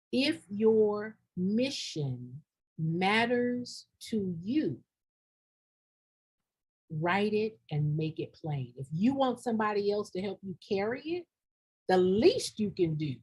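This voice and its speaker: A fiery woman with a husky, medium-pitched, slightly mellow voice delivers straight talk in a live-streamed motivational session as a nonprofit grant consultant. She's direct and preachy, repeats herself for emphasis, and uses y'all and ain't.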